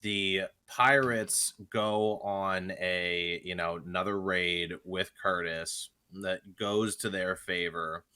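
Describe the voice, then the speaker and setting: A man's voice: deep voice, steady tone, slow, hardly any pauses, bright, forceful tone, clear, resonant tone. A young man co-hosting a movie podcast, recapping the plot casually with lots of fillers. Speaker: podcast co-host.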